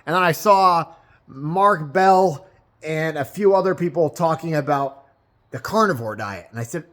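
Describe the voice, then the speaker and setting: Young man, vlogger, fairly high voice, lively swinging pitch, blunt, joking, casual to camera. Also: a little slow. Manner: animated, blunt and joking, with bursts of mock outrage. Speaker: vlogger and streamer.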